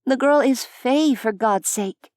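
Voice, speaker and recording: A woman's voice: high-pitched, takes it slowly, no echo, clean studio sound, voice pushed up. Vani, a woman voicing a wry, exasperated young mother. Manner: animated, huffy, teasing.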